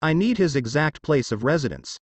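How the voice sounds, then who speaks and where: A man's voice: medium pitch, lively intonation, brisk, no room sound, natural voice. A man reading a story aloud, voicing a young male ninja who makes cold, emotionless threats.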